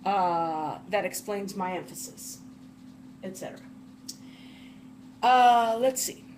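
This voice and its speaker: A woman's voice: medium pitch, lively intonation, a little mellow, slight background noise. A woman teacher giving a careful lecture on a text, reading passages aloud and breaking sentences down word by word. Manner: deliberate, spells out words one at a time while writing. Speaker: literature teacher.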